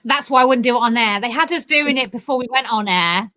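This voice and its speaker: A woman's voice: on the high side, fast talker, bright, forceful tone, no echo, poor audio. A woman co-hosting a casual livestream chat, teasing and laughing often. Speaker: co-host of online festival livestream.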